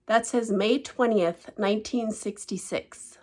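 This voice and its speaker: Woman gushing over stitching goodies, goes soft and hushed when she's touched, mid pitch. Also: unhurried. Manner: gushing, emotional, often hushed and breathy with delight. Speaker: cross-stitch vlogger. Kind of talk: casual show-and-tell vlog.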